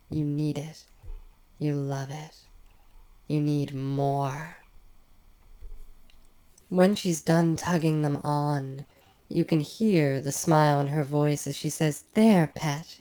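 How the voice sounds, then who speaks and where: A woman with a soft, lingering, sensual delivery, telling a hypnotic story in the second person. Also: deep voice, clear, resonant tone, dry recording. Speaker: narrator.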